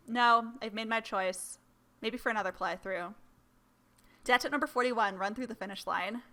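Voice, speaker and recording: Bright animated woman gamer. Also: on the high side, a little slow, pauses often. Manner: animated, laughing often, switching between reading and reacting. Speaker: gamer playing a dating sim. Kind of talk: let's play commentary and reading aloud.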